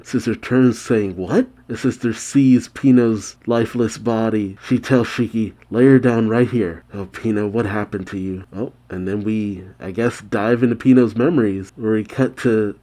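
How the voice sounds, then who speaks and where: A young man with a low, mellow voice reads a manga chapter aloud for his viewers. He keeps the character dialogue plain and cuts in with short surprised remarks of his own. The tone stays relaxed and unhurried. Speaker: manga reaction host.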